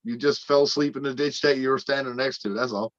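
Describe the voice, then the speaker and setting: A man telling rough stories in a casual livestream chat, rambling and swearing heavily. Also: mid-range voice, steady tone, quick pace, no room sound. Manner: rambling, heavy swearing, blunt storytelling. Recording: dry, slightly dull call audio.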